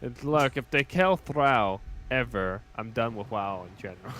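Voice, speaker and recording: A man chatting casually and joking while streaming a co-op game, swearing freely and cutting in with loud bursts. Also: medium pitch, lively intonation, unhurried. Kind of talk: casual gaming chat.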